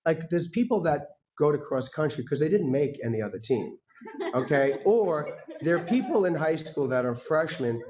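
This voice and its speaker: A man giving a talk as a guest speaker, telling personal stories in a lively way, acting out the voices of people he quotes and laughing often. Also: mid-range voice. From United States. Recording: dull lo-fi recording.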